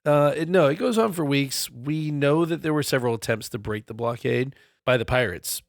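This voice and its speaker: A man's voice: mid-range voice, moderate pace, creaky. A man with a mid-range voice tells a history story on a comedy podcast. He is loose and profane and keeps laughing. The sound is close and dry, with no room echo. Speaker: podcast co-host telling the history.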